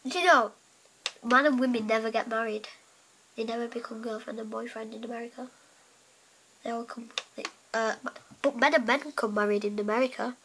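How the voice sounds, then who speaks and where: A woman's voice: on the high side, fairly even intonation, brisk, fairly bright tone, slight background noise, rough recording. A woman chatting casually while playing a game, giggly and teasing, rambling on. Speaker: gamer.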